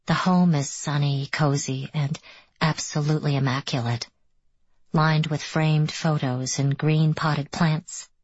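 Female audiobook narrator, low husky voice, measured storytelling, dull dry recording. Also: no echo. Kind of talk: first-person scripted audiobook narration.

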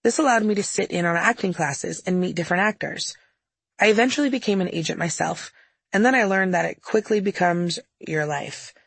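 A woman's voice: on the low side, fairly quick, vocal fry, husky, no room sound. A woman narrating her own audiobook memoir in a candid, wry storytelling manner, close to the mic.

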